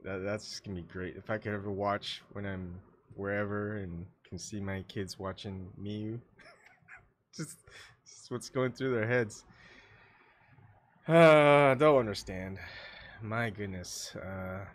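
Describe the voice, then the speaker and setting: A man hosting a solo livestream, muttering his thoughts and asides to himself, often coughing and clearing his throat, on a desktop microphone at home. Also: lowish voice, slow, pauses often, a little hiss or hum. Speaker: livestream host. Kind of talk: rambling solo livestream chat.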